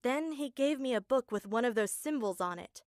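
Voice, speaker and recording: A woman tells a first-person story in an earnest, emotional voice that sits on the high side. The recording is close and dry, with no room sound. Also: lively intonation, normal speed, no echo. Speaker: narrator.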